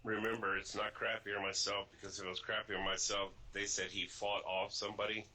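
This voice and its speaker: A man's voice: on the low side, little pitch movement, a little fast, pushed and bright, slight background noise, poor audio. A man co-hosting a casual podcast, talking bluntly and joking, often repeating himself. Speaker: podcast co-host. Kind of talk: casual chat.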